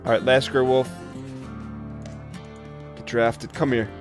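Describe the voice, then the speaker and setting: Male gamer, mid pitch, jumpy commentary, quiet background music. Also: little pitch movement, slow. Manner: jumpy, talks to his colonists, spikes loud when tense. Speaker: let's play gamer. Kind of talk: frantic colony game commentary.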